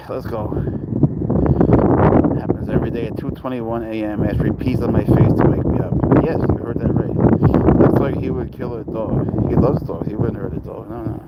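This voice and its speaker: A man's voice: fairly low pitch, steady tone, moderate pace, heavy background noise. A young man chatting casually on a phone livestream, rambling and crude as he answers viewer comments and talks to his cat outdoors.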